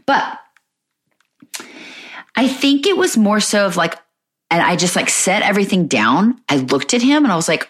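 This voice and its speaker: A woman in her thirties hosts a podcast in a casual monologue, chatty and candid, poking fun at herself. Her fairly low voice swings widely up and down as she talks. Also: normal speed. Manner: chatty, candid, self-mocking and animated. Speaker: podcast host.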